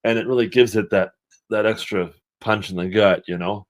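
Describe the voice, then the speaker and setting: A man's voice: fairly low pitch, steady tone, normal speed. A man who is a guest on a music podcast, chatting casually and eagerly sharing what he knows. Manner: chatty, eager to share knowledge. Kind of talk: casual chat.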